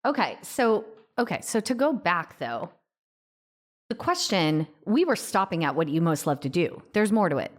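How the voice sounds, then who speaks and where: A woman's voice: on the low side, sing-song, normal speed. A woman co-hosting a podcast, talking things through in a casual, reflective way. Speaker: podcast co-host. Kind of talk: casual chat.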